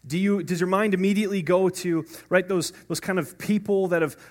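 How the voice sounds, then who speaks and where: Guy pastor giving a chatty sermon, pretty high voice, keeps saying right?. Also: steady tone, fairly quick. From North America. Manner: conversational preaching, frequent "right?" asides and restarts.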